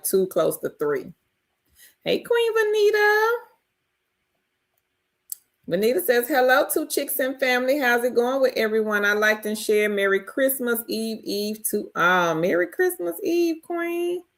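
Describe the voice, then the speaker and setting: A woman hosting a casual livestream, reading viewer comments aloud and cheerfully greeting and congratulating people by name. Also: mid-range voice. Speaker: host of a work-from-home livestream.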